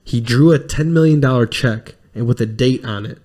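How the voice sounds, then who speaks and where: A man hosting a podcast in casual chat, rambling with quick restarts and plenty of swearing. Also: medium pitch. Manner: mimics film lines in lively put-on voices. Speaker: podcast host.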